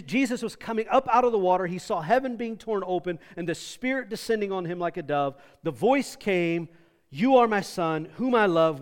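High-voiced preacher in a reverberant hall. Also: male voice. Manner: earnest, conversational preaching with repeated words. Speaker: pastor. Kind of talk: sermon. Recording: long reverb of a large hall.

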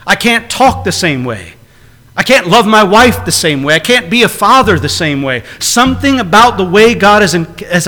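A man's voice: high-pitched, sharp tone. A man preaching a sermon to a congregation, earnest and emphatic, driving his points home with repeated phrases. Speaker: pastor. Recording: long reverb of a large hall.

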